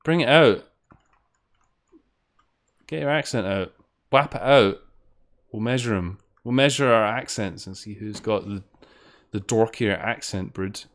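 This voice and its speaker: With a fairly low voice, a man talks a little slowly with long pauses while streaming fangames. His commentary is rambling and chatty, punctuated by the odd swear when he gets frustrated.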